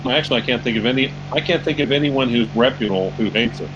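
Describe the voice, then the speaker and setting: Fast-talking wry man on a muffled line. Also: mid-range voice, background noise. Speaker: co-host. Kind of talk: casual banter.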